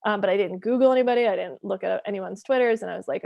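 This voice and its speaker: A woman in her thirties, a guest author telling a story in a casual podcast chat, animated and full of "like". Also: medium pitch, fast talker, creaky, dry recording, highs cut off. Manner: animated storytelling, says "like" a lot.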